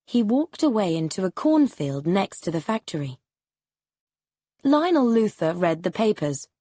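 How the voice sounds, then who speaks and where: A woman reads a graded storybook for English learners slowly and with great care. Her pitch rises and falls a lot, and her voice has a husky edge. The sound is close and dry. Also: big pitch swings, mellow, no echo. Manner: slow, clear, deliberate reading. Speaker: story narrator.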